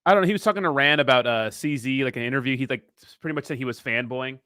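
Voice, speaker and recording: A man's voice: medium pitch, rapid-fire, pushed and bright, dry recording, clean studio sound. A young man co-hosting a casual livestream, rambling through fillers and laughing often. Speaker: co-host of crypto livestream.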